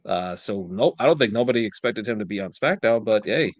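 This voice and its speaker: A man's voice: fairly low pitch, lively intonation, brisk, dry recording. A man co-hosting a podcast, telling a casual storytelling recap of a wrestling show. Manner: storytelling recap, reads quoted lines aloud. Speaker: podcast co-host.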